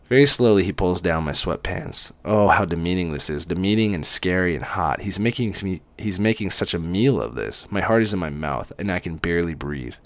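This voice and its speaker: A man with a very deep voice reads a romance story aloud in first person, with dramatic delivery. His pitch swings widely from line to line. The sound is dry and close. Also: expressive, moderate pace, hardly any pauses, dry recording. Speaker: reader.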